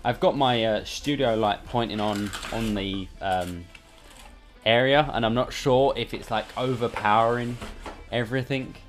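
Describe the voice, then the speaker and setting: A hardware reviewer with a medium-pitched voice speaks at a measured pace as he unboxes gear. He's casual and irreverent, sitting in his bedroom under a studio light with faint music behind him.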